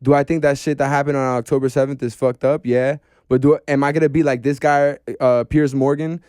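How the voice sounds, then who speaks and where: A man talking casually as a podcast guest, animated and slangy, saying "bro" often. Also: medium pitch, fairly quick, smooth, dry recording, studio quality.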